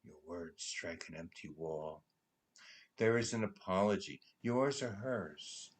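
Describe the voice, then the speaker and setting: A man reading a prose poem aloud in a slow, dramatic recitation, his voice hushed and trailing into near-whispers at the ends of lines. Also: sits low, expressive. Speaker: poetry reader at a benefit concert.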